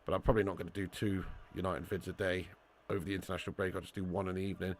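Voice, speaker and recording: A man's voice: low voice, level tone, rapid-fire, slight background noise. A young man hosting a casual live watch-along, reading chat and bantering with viewers as lad and mate.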